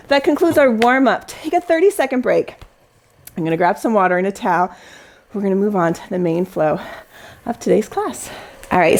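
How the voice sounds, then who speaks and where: A woman leading a Pilates class, giving cues and counting reps down in an encouraging way. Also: fairly high pitch. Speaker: Pilates instructor. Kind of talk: guided workout instruction with counting.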